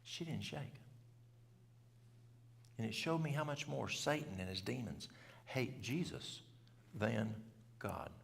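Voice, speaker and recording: A man tells a story in a plain, country way, now and then putting questions to his listeners. His voice is gravelly with deep fry, at a mid pitch. It rings with the long reverb of a church hall. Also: expressive, takes it slowly, long pauses. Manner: folksy, talks country, asks the audience questions. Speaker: health speaker. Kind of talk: storytelling talk at a church event.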